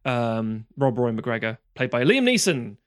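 A man's voice: mid-range voice, sing-song, unhurried, dry recording, studio quality. A man co-hosting a casual film discussion, rambling and swearing freely, with frequent restarts. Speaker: podcast co-host.

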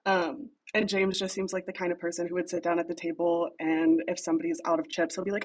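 A woman's voice: mid-range voice, fast talker, few pauses, a little mellow, slightly rough, rough recording. A young woman guest on a podcast, chatting casually and animatedly about her writing, laughing often and acting out lines. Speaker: podcast guest, fanfic writer.

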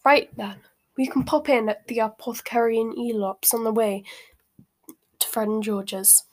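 A bustling mother hurries her family along in brisk, busy tones, as a woman reads her. Her voice lifts high and brisk. A warm storybook mum. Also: fairly even intonation, lightly acted.

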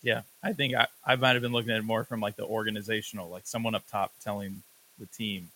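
Male co-host, low voice, rapid delivery, dry humor. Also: steady tone, sharp tone, poor audio. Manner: laid-back, dry quips, short agreeing replies. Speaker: podcast co-host. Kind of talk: casual sports chat.

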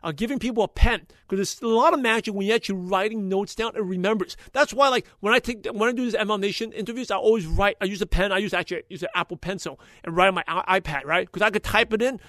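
A man with a high, bright voice pours out motivational recap talk at top speed. His delivery is close and dry, with no room around it, and he pushes with upbeat energy as he wraps up the show. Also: no room sound. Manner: energetic, motivational, talks fast when passionate. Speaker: podcast host. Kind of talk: enthusiastic podcast recap.

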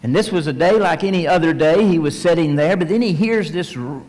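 A man's voice: a little high, expressive, brisk, darkish tone. A male pastor preaching a sermon and leading a prayer. He retells a story vividly and acts out the voices of the people in it. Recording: long reverb, large hall.

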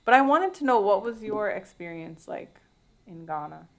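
A woman's voice: medium pitch, sing-song, normal speed, a crowd in the background. A woman co-hosting a casual discussion, thoughtful and searching for words as she talks. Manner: thoughtful, talks with many fillers and restarts.

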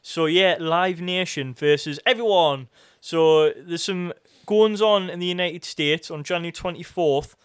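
A man with a Geordie accent chats casually as a podcast co-host, rambling through sweary, joking banter. His voice sits a little high and comes across smooth and clear. The sound is dry and close, with no room around it. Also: measured pace, hardly any pauses, no room sound. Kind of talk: casual chat.

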